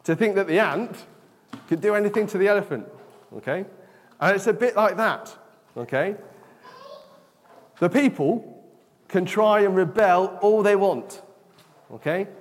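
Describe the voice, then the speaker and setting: A man giving an interactive children's talk in church, chatty and often asking "okay?". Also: high-pitched. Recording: long echo of a large hall.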